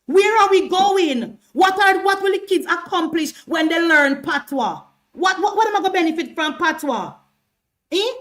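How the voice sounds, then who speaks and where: A high-pitched Jamaican woman argues on a political livestream. She hammers the same point again and again, stammering over words when worked up. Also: lively intonation, moderate pace, fairly bright tone. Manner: argumentative, repeats herself, stammers when worked up. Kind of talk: heated livestream commentary.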